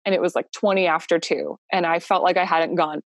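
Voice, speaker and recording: A woman's voice: fairly low pitch, steady tone, a little fast, no room sound, clean studio sound. A young woman telling her own birth story in a casual, heartfelt way, laughing often and using lots of fillers.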